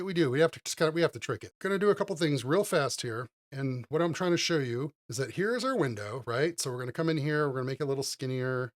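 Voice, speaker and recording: A middle-aged man hosting a retro computer graphics channel, talking viewers through a software tutorial in an enthusiastic, chatty way. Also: a little high. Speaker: host of a retro 3D animation channel. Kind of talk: casual screen-recorded software tutorial.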